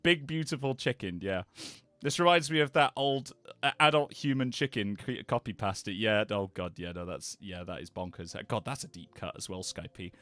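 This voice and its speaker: A man's voice: fairly low pitch, normal speed, a bit bright, dry recording. A British man chatting on a live stream in a playful, rambling way, often trailing off into mumbles. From Britain. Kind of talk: casual live-stream chat.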